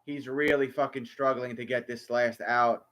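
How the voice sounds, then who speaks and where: A man's voice: mid-range voice, fairly even intonation, moderate pace, fairly bright tone. A man calling a baseball game as a fan, talking to the players and bursting out on big plays. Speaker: fan doing his own play-by-play. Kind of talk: amateur live play-by-play commentary.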